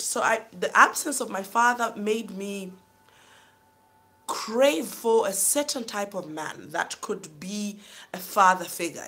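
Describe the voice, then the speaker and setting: A woman's voice: medium pitch, bright, forceful tone. Emotional woman telling her story. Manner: emotional, keeps saying "you know what I'm saying". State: tearful at times. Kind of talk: personal storytelling.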